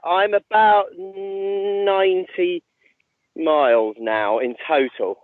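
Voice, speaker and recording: A man's voice: high-pitched, takes it slowly, no room sound. A man calling in by phone while walking through fields, out of breath, weary and wryly self-mocking. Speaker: ultrarunner calling in. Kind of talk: casual phone update. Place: outdoors in overgrown fields. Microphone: phone line. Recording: tinny dry phone line.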